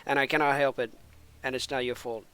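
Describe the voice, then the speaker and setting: A man's voice: medium pitch, fairly even intonation, a little fast, a bit bright, clean tone, dry recording. A man from Finland, a native Finnish speaker with American-sounding English, rambling in casual stream chatter as an esports caster between matches and laughing at himself.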